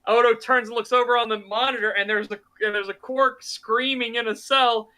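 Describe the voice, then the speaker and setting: A woman co-hosting a podcast, recapping TV episodes in animated casual chat, swearing freely. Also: on the high side, moderate pace, rough recording. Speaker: podcast co-host.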